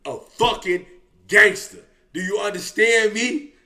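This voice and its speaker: In a high-pitched, unhurried voice, a man hosts a reaction video and tells street stories. He's animated, loose, profane and heavy on slang, drawling "boy" at the end of his lines.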